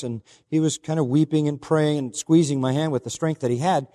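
Earnest preacher in a reverberant hall. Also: male voice, on the high side, moderate pace, few pauses. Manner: earnest storytelling preacher, quoting others in a softer voice. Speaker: pastor. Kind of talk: sermon.

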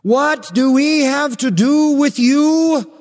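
Brief: terrified demon begging for mercy, screeching high, put on by a male preacher in a reverberant hall. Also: slow pace, darkish tone. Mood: panicked pleading. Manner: high-pitched shrieking pleas. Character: panicked screaming male demon, desperate.

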